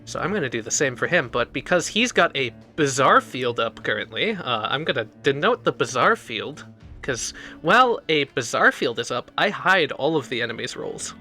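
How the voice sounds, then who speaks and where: A man running a tabletop role-playing game as game master, narrating scenes and explaining rules in an animated way. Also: mid-range voice, normal speed, faint music behind. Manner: animated, laughs between lines.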